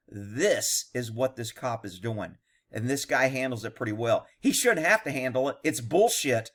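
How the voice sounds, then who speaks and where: A man's voice: mid-range voice, lively intonation, moderate pace, a bit bright. A man, a former police officer, giving blunt, profane, indignant commentary on a video. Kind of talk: reaction commentary.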